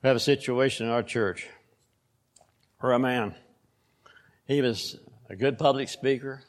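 A man's voice: mid-range voice, unhurried. Earnest older man preaching a sermon. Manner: earnest, repeats phrases for emphasis. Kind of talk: sermon with scripture reading.

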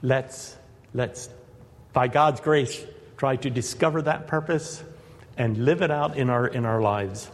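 A man's voice: medium pitch, takes it slowly, long reverb tail. A man preaching a sermon to his congregation in an earnest manner, building to emphatic peaks.

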